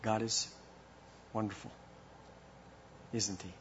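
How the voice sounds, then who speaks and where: A man's voice: lowish voice, flat delivery, takes it slowly, fairly bright tone, highs cut off, a little hiss or hum. A man preaching a sermon as pastor, with impassioned rhetorical questions and a delivery that rises and falls.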